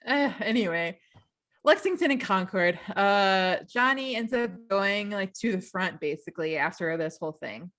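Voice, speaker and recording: A woman co-hosting a book club podcast, chatting casually and retelling the plot with quick asides and frequent laughter. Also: mid-range voice, expressive, fairly bright tone. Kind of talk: casual chat.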